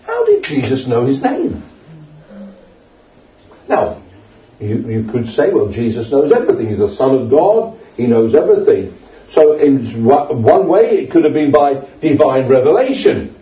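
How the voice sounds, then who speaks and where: A man's voice: medium pitch, wildly swooping pitch, a little slow, warm tone. Older guy preaching, jokey and chatty, voice jumps all over, roomy church sound. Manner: humorous, conversational, asks the congregation questions. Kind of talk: sermon. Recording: echoey church hall, mic at a distance.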